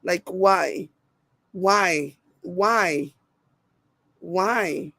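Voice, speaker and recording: A woman with a Nigerian accent hosts a casual live stream, reacting to a video and reading viewer comments aloud while laughing often. Her medium-pitched voice is expressive and slow, with no audible room sound.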